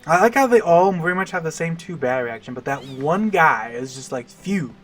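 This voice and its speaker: A young man giving relaxed, chuckling commentary while playing a game. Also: a little high, normal speed, faint music behind. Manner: relaxed, chuckling asides, reads dialogue aloud. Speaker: let's play host.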